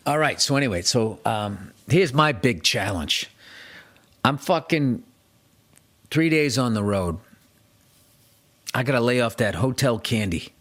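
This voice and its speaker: A man's voice: mid-range voice, lively intonation, unhurried, long pauses, a bit bright. A middle-aged man hosting his podcast alone, ranting in a profane, self-mocking, comedic way. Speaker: podcast host. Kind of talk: solo comedic podcast rant.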